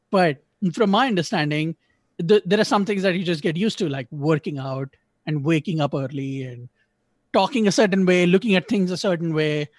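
Male podcast host, slightly higher voice, dry close sound, rambling casual review. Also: dry recording. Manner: rambling, self-correcting, joking asides. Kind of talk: casual episode review chat.

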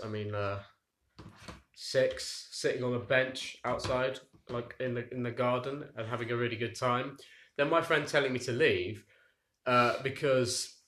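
A man's voice: mid-range voice, fairly bright tone. A young man co-hosting a podcast, telling long rambling stories in casual chat and laughing at his own tangents. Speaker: podcast co-host. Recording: roomy echo.

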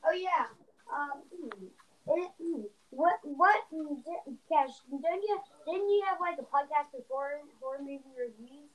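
High-voiced woman chatting on a podcast. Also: rough recording. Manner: halting, full of fillers and giggles, chatty asides. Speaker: podcast co-host. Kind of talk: casual podcast chat and story reading.

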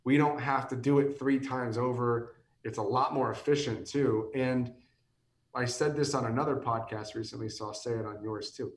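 A man's voice: mid-range voice, steady tone, normal speed, echoey room, distant mic. A man in his thirties, a guest on a podcast, talking casually and rambling with many restarts; he sounds tired and is losing his voice. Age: 30s. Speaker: whiskey company guest.

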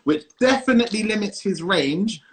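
A man's voice: high voice, animated, moderate pace. A young man with a London accent, co-hosting a casual podcast and speaking bluntly and emphatically with plenty of slang. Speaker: podcast co-host. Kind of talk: casual chat.

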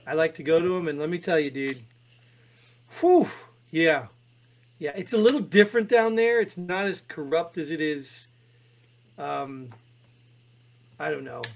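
High-voiced man in animated political chat. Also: measured pace, gravelly, pauses often. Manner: animated, restarts a lot, exasperated. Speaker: podcast co-host reading headlines.

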